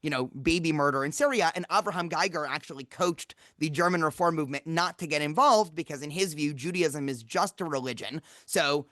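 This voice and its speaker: Dry-sounding man host, high-ish voice. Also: fairly quick, few pauses, pushed and bright, no room sound. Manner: lecturing, peppers talk with "right?" and "you know". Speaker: podcast host, campus rabbi. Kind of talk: podcast interview.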